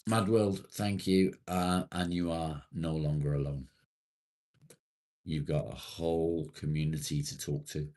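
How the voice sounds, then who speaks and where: A man's voice: extremely low pitch, fairly even intonation, measured pace, a little mellow. A man hosting a casual live stream, reading viewers' comments aloud, swearing freely and rambling in a self-deprecating way.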